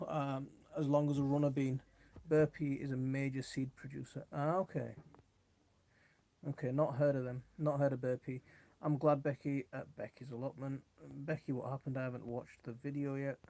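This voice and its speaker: A man's voice: mid-range voice, little pitch movement, moderate pace, dark tone. A middle-aged man hosting a casual gardening live stream, chatting and reading out viewer comments in a rambling, easily sidetracked way. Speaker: gardening livestream host.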